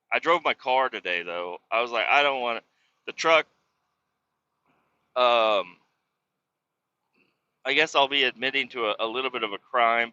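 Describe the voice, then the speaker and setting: A man's voice: medium pitch, bright, forceful tone, no room sound, highs cut off. A man in his thirties hosting a solo podcast, ranting casually and profanely in a rambling, exasperated way. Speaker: podcast host.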